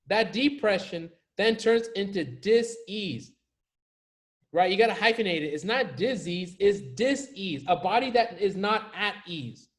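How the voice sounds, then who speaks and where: A man's voice: sits high, measured pace, fairly bright tone. A man coaching viewers in a casual motivational talk to camera, emphatic and slangy, often repeating his key phrases for effect. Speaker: life coach.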